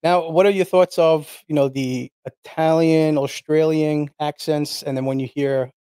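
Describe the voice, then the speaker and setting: A middle-aged male podcast co-host asks drawn-out, supportive questions. His voice sits a little high and sounds dry and close to the mic. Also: steady tone, dark tone, smooth, no room sound. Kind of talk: casual podcast chat.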